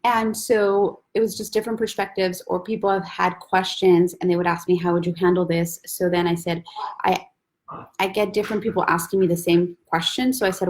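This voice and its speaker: A woman's voice: lowish voice, darkish tone. A chatty young woman hosts a live stream from her home, reading out viewers' names and greeting each in turn. Her talk is loose and casual, full of small asides, picked up on a phone or webcam mic. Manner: chatty, greets viewers by name one after another. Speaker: host of a weekly live stream. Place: at home, husband and baby in the back.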